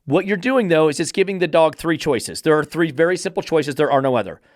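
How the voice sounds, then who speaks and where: A man's voice: on the high side, lively intonation, brisk, no room sound, clean studio sound. A man hosting a podcast about dog training, ranting bluntly and sarcastically, swearing freely as he gets fired up. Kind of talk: podcast rant.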